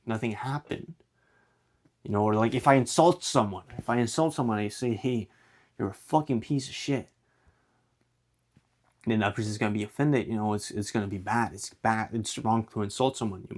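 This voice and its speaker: A young man thinks out loud to his camera at a middle pitch. He rambles and restarts often. He drops casual slang and swears freely. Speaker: vlogger. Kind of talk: rambling philosophical monologue to camera.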